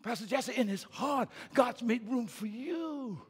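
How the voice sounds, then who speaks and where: A man preaching a live sermon as pastor, calling out to the congregation and building from quiet, repetitive phrasing to shouted peaks. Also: extremely high pitch, lively intonation, unhurried, husky. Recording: reverberant live church hall.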